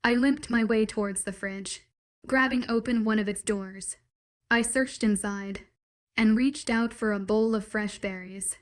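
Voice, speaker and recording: A woman narrating a first-person romance story in a steady, even read. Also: mid-range voice, a little slow.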